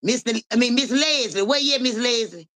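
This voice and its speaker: Sharp-voiced woman reader talking street slang. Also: on the high side, lively intonation, fairly quick. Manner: profane street slang, keeps asking "you hear me"; calls out viewers by name. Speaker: livestream psychic reader. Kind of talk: casual livestream talk.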